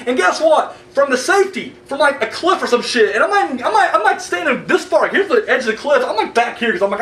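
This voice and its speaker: A man ranting casually to camera, animated and profane and jokey, with quick acted-out asides. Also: very high-pitched, reverberant, distant mic. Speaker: video blogger.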